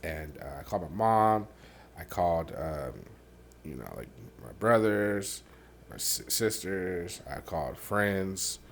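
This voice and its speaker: Man, very low pitch, podcast host, candid halting storytelling, soft on painful moments, faint background noise. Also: animated. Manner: halting, many fillers and restarts; softens and drops low on painful parts.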